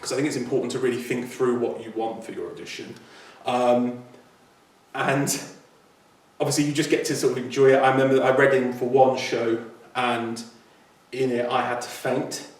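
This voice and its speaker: A man's voice: medium pitch, little pitch movement, normal speed. A man with an English accent co-hosting a podcast, chatting casually and joking at his own expense. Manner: chatty, self-mocking. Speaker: podcast co-host. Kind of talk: casual chat. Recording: echoey room, distant mic.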